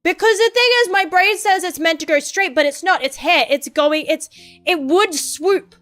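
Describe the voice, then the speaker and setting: A woman's voice: very high-pitched, normal speed, a bit bright, faint music behind. A young woman streaming while drawing, rambling in a frustrated, self-deprecating way into a desk mic. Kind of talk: casual chat while drawing.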